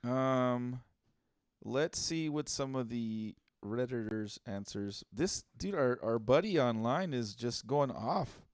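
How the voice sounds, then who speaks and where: A man with an expressive, medium-pitched voice co-hosts a comedy podcast, going through listener posts slowly and riffing on them bluntly with plenty of swearing and fillers. The casual comedic chat has dry, studio-quality sound.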